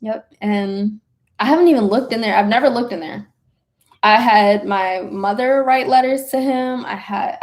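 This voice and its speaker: A young woman hosting a spiritual livestream gushes excitedly to her viewers, chatting about their comments. She speaks in quick bursts of high, excited exclamations.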